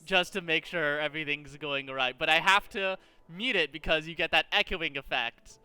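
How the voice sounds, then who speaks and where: Casting: male game streamer, high clear voice, ranting and swearing in casual chat. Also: moderate pace, faint music behind. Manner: animated, exasperated, swears often. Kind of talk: casual livestream chat while gaming.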